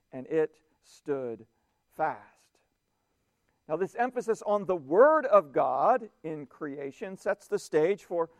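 Guy with a high voice giving a sermon, slow emphatic bible reading, dry sound. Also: dry recording. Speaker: preacher.

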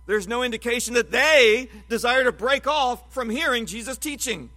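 A man with a high, forceful voice delivers an expository Bible sermon. He teaches in a measured, emphatic way, leaning hard on key words. His tone stays bright and clear throughout. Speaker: preacher.

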